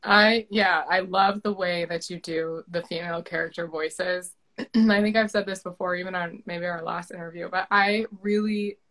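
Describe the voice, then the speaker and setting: A woman's voice: fairly low pitch, fairly even intonation, normal speed, a bit bright, low-quality recording. A woman author interviewing her narrator in casual chat, effusive and gushing, with many fillers and restarts.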